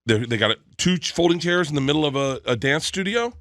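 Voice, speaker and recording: A middle-aged man tells a comic story in an excitable, animated way, laughing as he goes. His voice is bright and forceful, his pitch swings widely, and the close mic sounds dry. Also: quick pace, dry recording. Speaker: comedian guest.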